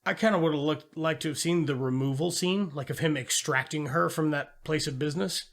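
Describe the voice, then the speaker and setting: A man's voice: fairly high pitch, a little fast. A man co-hosting a podcast, casually retelling a film's plot with lots of swearing and quoted voices. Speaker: podcast co-host. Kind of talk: casual movie review chat.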